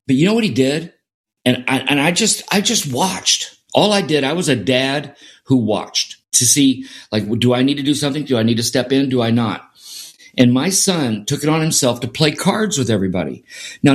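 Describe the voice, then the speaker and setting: A man guest in an interview, telling a personal story in an earnest way and repeating phrases for emphasis. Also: mid-range voice. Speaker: podcast guest.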